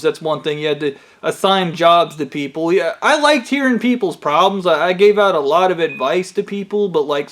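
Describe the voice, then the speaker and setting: Male vlogger, slightly high voice; casual, profane, excitable storytelling. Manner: profane, excitable, breaks into loud yells.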